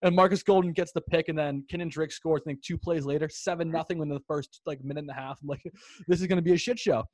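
A young man co-hosting a podcast, chatting about sports in an excitable, swearing, storytelling way. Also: on the high side, fast, dry recording, clean studio sound. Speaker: podcast co-host. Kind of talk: casual sports chat.

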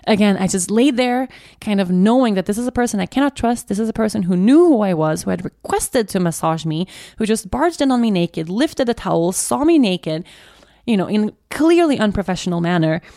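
A young adult woman hosting a podcast, telling a personal story in a halting way, often restarting and repeating herself. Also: medium pitch, lively intonation, mellow, dry recording, clean studio sound. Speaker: podcast host.

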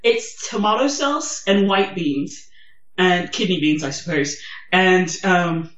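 A woman with a posh English accent, co-hosting a podcast in casual chat, animated and swearing freely. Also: on the low side, slow pace, reverberant, lo-fi sound, a little hiss or hum. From Germany. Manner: animated, swears and laughs often. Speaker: podcast co-host.

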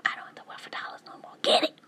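A woman's voice: very fast, bright, forceful tone. A woman talking in a whisper, rambling from one thought to the next and asking rhetorical questions. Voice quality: mostly whispered. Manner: rambling, jumps between topics, asks rhetorical questions.

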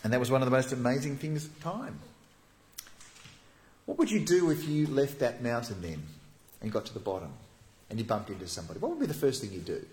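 A pastor delivers a sermon with a lively, swooping delivery, moving between animated storytelling and soft, hushed moments. His voice sits at an ordinary male pitch. The recording has the echo of a church hall. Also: a little fast, long pauses. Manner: lively storytelling preacher who drops to soft, hushed tones.

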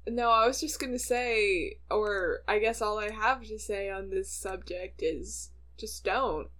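A young woman from the northern United States, co-hosting a casual chat with a dry, deadpan manner and easy laughs. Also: medium pitch, measured pace. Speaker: podcast co-host.

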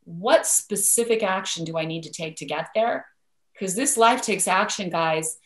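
A woman's voice: fairly low pitch, moderate pace. A woman from the United States, a guest author giving earnest, instructive motivational advice, repeating words for emphasis. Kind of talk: motivational coaching talk. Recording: roomy echo.

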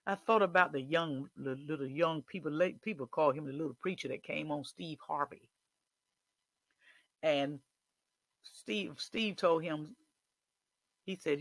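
A man preaching a sermon, building from quiet reflection to shouted declarations. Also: fairly high pitch, normal speed, vocal fry, husky, no room sound.

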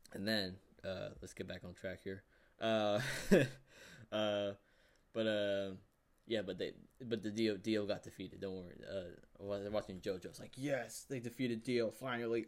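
A man vlogging a casual, rambling recap of a show, full of fillers and excited reactions. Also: on the low side, normal speed. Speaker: YouTuber.

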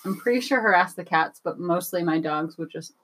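A young woman co-hosting a podcast, chatty and playful and quick to laugh. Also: fairly low pitch, fairly bright tone. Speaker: podcast co-host. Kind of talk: casual chat.

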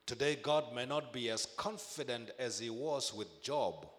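A man preaching a sermon, emphatic, repeating phrases and slowing to stress key words. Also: mid-range voice, fairly bright tone, long reverb tail.

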